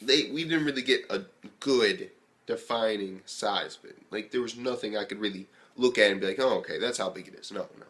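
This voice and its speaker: Excitable, foul-mouthed young man reviewing anime. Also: on the low side, a little fast. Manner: excitable, profane, rambling with lots of fillers. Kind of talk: casual video review.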